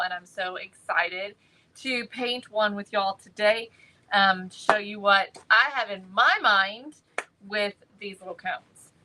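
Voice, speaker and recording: A woman's voice: medium pitch, sharp tone, rough recording. A middle-aged woman hosting a live craft-shop stream, chatting and answering viewer comments. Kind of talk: live-stream product showcase.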